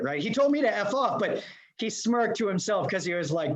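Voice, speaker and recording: A man from Los Angeles giving an energetic motivational seminar talk as a leadership coach, speaking directly to his audience. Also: sits high, normal speed. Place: remote presentation to a live room. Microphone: video call.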